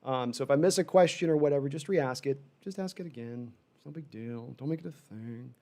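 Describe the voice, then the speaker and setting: The speaker is a man on a fan livestream, giving a rambling, lively reaction to the game while reading chat and making frustrated side remarks. His medium-pitched voice is creaky, and he talks a little fast.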